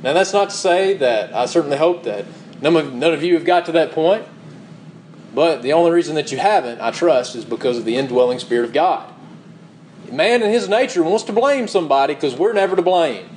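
A man's voice: a little high, lively intonation, a little fast, a little mellow, slight background noise, rough recording. A man preaching a sermon, reading scripture aloud and asking rhetorical questions with emphatic repetition. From United States.

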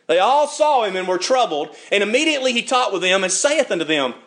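An older man preaching a sermon, telling the story with lively acted-out voices and frequent chuckles. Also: very high voice, a little fast. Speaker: pastor.

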